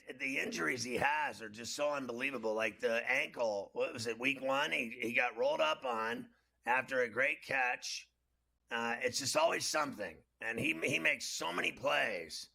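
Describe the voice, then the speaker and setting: Gravelly, sharp-toned outspoken male co-host. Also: mid-range voice. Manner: blunt, incredulous, opinionated. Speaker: sports betting show co-host. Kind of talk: opinionated sports talk.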